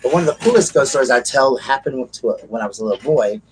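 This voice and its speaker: A man's voice: medium pitch, animated, fast talker. A man with a Southern US accent hosting a live call-in show, telling a story in a rambling way with lots of fillers. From South Carolina, US. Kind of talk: casual chat. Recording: distant mic with faint background noise.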